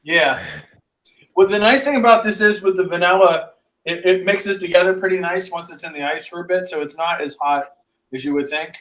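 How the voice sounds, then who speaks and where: A man's voice: sits high, normal speed, a bit bright. Podcast co-host, man with Pittsburgh accent, loose rambling jokey delivery. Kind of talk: casual chat.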